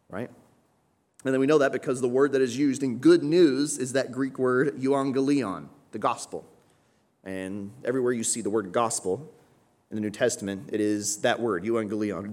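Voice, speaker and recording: A man preaches a sermon in a conversational, teaching style, his mid-range voice moving at normal speed with lively intonation. He often caps his points with a questioning "right?" and raises his voice to stress key phrases.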